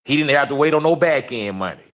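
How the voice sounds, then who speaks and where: A man's voice: mid-range voice, expressive, quick pace, fairly bright tone. A man co-hosting a stream, arguing his case and repeating questions over the other speaker in a casual debate. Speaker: co-host of a boxing talk stream. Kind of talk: heated debate, casual chat.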